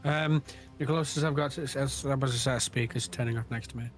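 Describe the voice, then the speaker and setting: A man rambles and jokes on a voice call, often poking fun at himself. His voice sits at a middle pitch. Faint music runs behind him. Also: fairly even intonation, fairly quick. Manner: rambling, jokey, self-mocking. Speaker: friend on a voice call. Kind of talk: casual livestream chat. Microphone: directional desk mic over voice chat.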